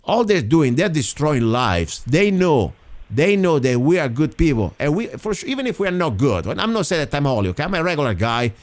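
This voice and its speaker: A man's voice: fairly high pitch, sing-song, brisk. A man hosting a small local show, talking in a frustrated, indignant rant. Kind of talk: heated talk-show monologue.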